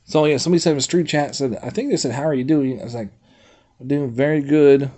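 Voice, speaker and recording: A man's voice: mid-range voice, fast talker. A man streaming and chatting casually with his viewers, rambling, reading a website aloud and breaking into swearing outbursts. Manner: rambling, reads website aloud, talks to chat; swears freely, animated outbursts. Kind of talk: casual livestream chat.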